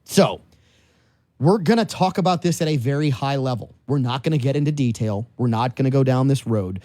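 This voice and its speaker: A man's voice: medium pitch, a little fast, warm tone, no echo. A man in his forties from New Orleans, hosting a casual political talk radio show in a studio and musing aloud with rhetorical questions. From New Orleans, Louisiana. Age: 40s. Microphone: studio microphone.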